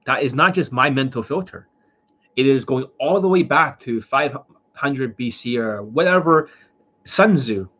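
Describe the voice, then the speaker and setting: A dating coach lectures his audience in a blunt, profane rant and hammers the same points over and over. His voice is a little husky and sits at an ordinary pitch for a man. The stream sounds muffled and lo-fi. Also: a bit bright. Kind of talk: casual livestream rant.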